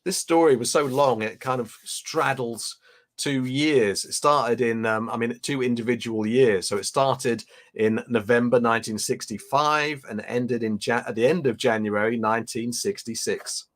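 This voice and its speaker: A chatty man hosting a live stream, rambling easily as he reads out viewers' comments. His voice sits at an ordinary middle pitch, and he talks in a loose, unscripted way at a desk mic. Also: fairly even intonation, moderate pace. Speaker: livestream host. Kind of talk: casual live unboxing chat.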